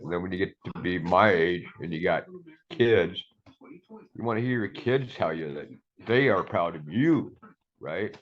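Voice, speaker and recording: A middle-aged man with a very low voice speaks in an earnest, rambling way, dropping "man" into almost every sentence as he shares a personal testimony. The sound is a bit dull and muffled. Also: animated, measured pace. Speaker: community member sharing a testimony.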